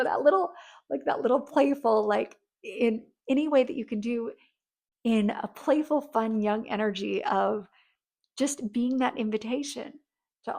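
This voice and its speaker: A woman's voice: fairly high pitch, unhurried, gravelly, a little mellow. A woman in casual, rambling talk, giving relationship advice and acting out sweet, grateful thank-yous. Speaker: relationship coach.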